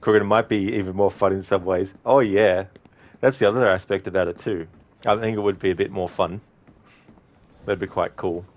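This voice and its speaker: A man with a very low voice talks through a game in a loose, rambling commentary. He laughs often and swears offhandedly as he muses. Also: fairly even intonation, a little fast. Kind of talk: casual gameplay commentary.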